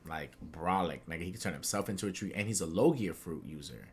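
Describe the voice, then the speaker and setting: A young man chatting casually on a podcast, excitable and slangy, acting out characters' lines with big swings in his voice. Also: low-pitched, quick pace, background noise. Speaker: podcast co-host. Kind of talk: casual chat.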